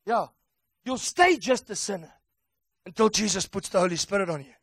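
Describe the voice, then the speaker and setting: A man preaching a sermon with emphatic call-and-response delivery that builds to excited shouts. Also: sits high, moderate pace, long pauses, slightly rough, dry recording, studio quality.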